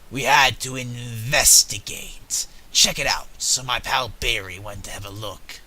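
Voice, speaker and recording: A man voicing a gruff little male snow imp in a video game, with slangy, ungrammatical speech and a breathy, half-whispered delivery. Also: mid-range voice, a little slow, sharp tone, voice pushed down, rough recording. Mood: grumbling. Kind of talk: game dialogue read aloud in character.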